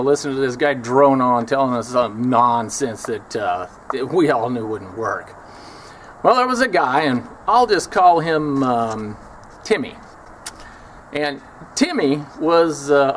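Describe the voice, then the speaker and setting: A man's voice: on the high side, fairly bright tone, slight background noise. A man telling a story from his years as a prison officer, wry and scornful, acting out the people he quotes. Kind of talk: casual storytelling.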